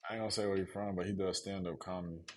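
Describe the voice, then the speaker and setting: Young Mississippi guy, Southern accent, lowish voice, relaxed slangy live-stream chatter. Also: very fast, a little hiss or hum. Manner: laid-back slangy talk, reads chat aloud. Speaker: streamer building a PC. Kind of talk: casual live-stream chat to viewers.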